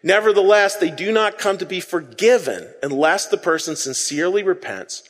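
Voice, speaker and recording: A man preaching a sermon to a congregation. He talks in a lively, conversational way and has the audience repeat phrases back to him. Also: sits high, moderate pace, in a large hall. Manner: animated, conversational preaching with audience call-and-response. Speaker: pastor.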